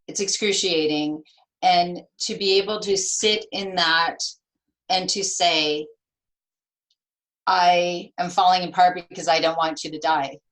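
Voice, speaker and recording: In a low-quality recording, a woman in her fifties speaks at an unhurried pace in a fairly low voice. She's a nurse and author appearing as an interview guest, talking earnestly and expressively and acting out the things people say to her.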